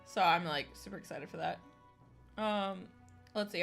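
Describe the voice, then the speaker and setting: A young woman with a fairly low, slightly bright voice and some vocal fry streams a video game, chatting casually at a moderate pace. She rambles with plenty of fillers and long pauses while faint music plays behind her.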